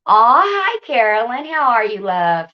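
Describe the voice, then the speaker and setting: A woman's voice: on the high side, very animated, a little slow, highs cut off. A woman hosting a casual live stream from home, chatting and greeting viewers by name with frequent laughter. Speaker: livestream host. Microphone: tablet.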